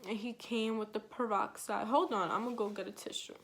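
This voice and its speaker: A woman tells a storytime vlog at a middle pitch, her voice neither high nor low. She talks in casual, slangy speech full of fillers and retells the story with raw emotion. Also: fairly even intonation, a little fast, creaky, a bit bright. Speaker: vlogger.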